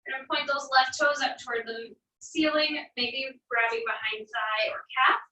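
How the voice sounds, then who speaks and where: Woman instructor, high bright voice, calm stretch cues with dry humor, echoey room, voice from off-mic. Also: normal speed, far from the mic. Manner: calm, encouraging cues with wry asides. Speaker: fitness instructor. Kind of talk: guided barre cool-down instruction.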